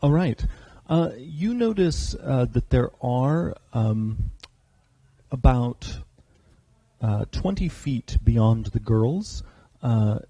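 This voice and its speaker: Dark, husky, slow-paced game master. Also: male voice, medium pitch, expressive, no echo, poor audio. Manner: hesitant, with many filler sounds. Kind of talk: narrating a tabletop game. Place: convention stage.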